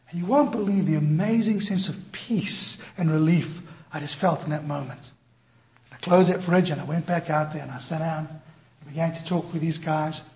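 A male pastor preaching a sermon, telling a personal story in an animated, self-deprecating way and acting out the voices in it. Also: a little high, moderate pace. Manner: animated, self-deprecating, acts out quoted dialogue. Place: church.

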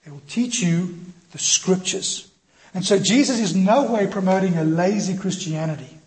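A male pastor preaching a sermon, telling a personal story in an animated, self-deprecating way and acting out the voices in it. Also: high-pitched, moderate pace. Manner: animated, self-deprecating, acts out quoted dialogue. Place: church.

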